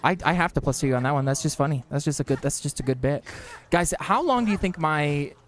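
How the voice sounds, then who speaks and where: A man's voice: fairly high pitch, animated, quick pace. A young man streaming, chatting in a rambling, self-mocking way as he games. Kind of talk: casual chat while gaming.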